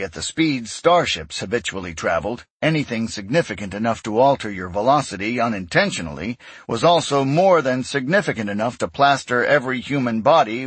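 Husky male audiobook narrator. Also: mid-range voice, no room sound. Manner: steady, measured storytelling. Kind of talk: scripted narration.

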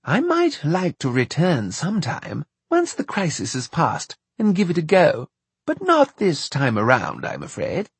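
A man voicing a gentle, fretful lanky editor who speaks softly and hesitantly, for an audiobook. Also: fairly high pitch, huge pitch swings, a little slow, husky, no room sound, voice pushed up, heavily acted. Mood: earnest. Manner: soft, hesitant, trembling. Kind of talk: audiobook narration.

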